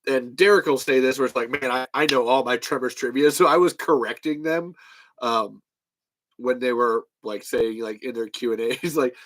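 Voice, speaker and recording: A man hosting a fan podcast, telling stories in a lively, casual way, acting out conversations, laughing and swearing often. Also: medium pitch, fairly quick. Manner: animated storytelling, acts out quoted exchanges, laughs often, swears casually. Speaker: podcast host. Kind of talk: casual livestream chat.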